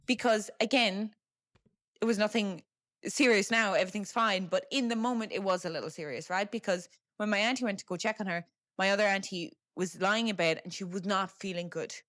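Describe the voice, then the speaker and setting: A woman's voice: mid-range voice, brisk, a bit bright, dry recording. Chatty young Irish woman, dry sound. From Ireland. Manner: chatty and frank, with lots of fillers and swearing. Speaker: podcast host. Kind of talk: casual personal storytelling.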